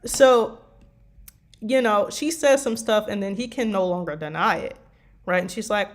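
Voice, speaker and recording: In an unhurried, medium-pitched voice, a tired woman makes casual conversation about the fanfiction she writes. Her talk rambles and is full of fillers.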